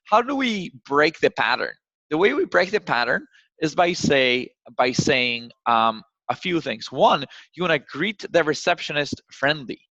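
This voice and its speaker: A man coaching on cold calling over a video call, often acting out phone exchanges in a raised, lively voice. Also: fairly high pitch, measured pace, no echo. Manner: acts out phone calls in a raised voice. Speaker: sales trainer. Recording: dull, dry video call audio.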